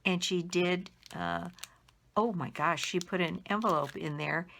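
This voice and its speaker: Slow, gravelly-voiced woman admiring cards. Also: on the low side, a bit bright. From Colorado. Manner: admiring, spells out names letter by letter. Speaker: card-making demonstrator. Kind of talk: casual show-and-tell of handmade cards.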